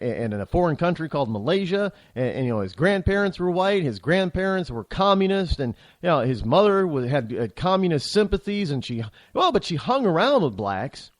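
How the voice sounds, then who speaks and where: A man's voice: on the high side, no echo. A man hosting a talk show, delivering a heated, opinionated political monologue that rambles with frequent restarts.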